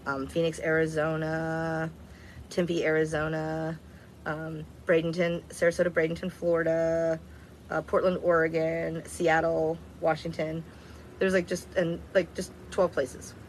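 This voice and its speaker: A woman's voice: low voice, level tone, a little slow, a little hiss or hum, low-quality recording. A woman casually telling a personal story, blunt and candid, swearing freely and rambling. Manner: rambling, repeats herself.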